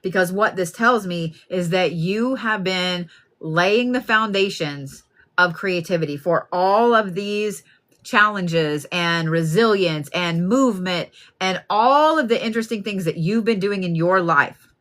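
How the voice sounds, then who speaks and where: A woman giving a card reading in a chatty, plain-spoken way, full of animated asides. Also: on the low side, a little slow. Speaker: card reader.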